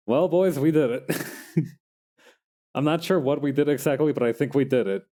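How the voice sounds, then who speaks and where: A young man casually chatting while he makes digital art, self-mocking and quick to laugh. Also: mid-range voice, mellow. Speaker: digital artist streamer. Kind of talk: casual narration while drawing.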